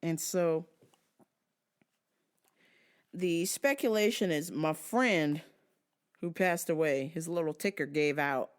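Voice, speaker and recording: A woman hosting a podcast, telling comedic stories in an animated, profane way with frequent laughter. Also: deep voice, takes it slowly, pauses often. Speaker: podcast host. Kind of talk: comedic storytelling.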